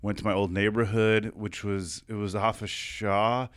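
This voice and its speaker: A man's voice: on the low side, level tone, moderate pace, fairly bright tone, dry recording, studio quality. Rambling, laughing comedy host in his thirties. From Fresno, California. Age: 30s. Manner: rambling, laughs often, swears. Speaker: podcast host. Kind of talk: casual comedy chat. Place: studio.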